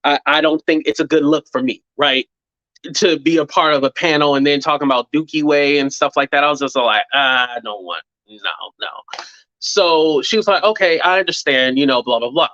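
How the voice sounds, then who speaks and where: Bright, high-voiced man ranting to viewers. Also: brisk, dry recording, muffled recording. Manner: animated, acts out quotes in mocking voices; profane, conversational, says "blah, blah". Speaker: YouTube commentary host. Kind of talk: casual commentary to viewers.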